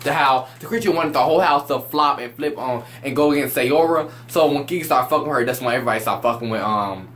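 A young man tears through his review at a rapid clip, loud and animated, swearing freely. His voice sits a bit high for a man, and the faint hum of a small home setup lingers behind him. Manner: loud, animated and profane ranting. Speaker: reality show reviewer. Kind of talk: casual profane rant.

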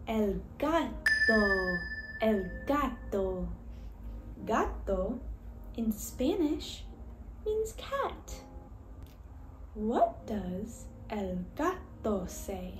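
A woman's voice: a little high, big pitch swings, extremely slow. A woman teaching babies and toddlers, talking in a sing-song voice full of exaggerated gasps. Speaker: children's language teacher. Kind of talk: baby-directed teaching, bilingual. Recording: roomy echo with faint music.

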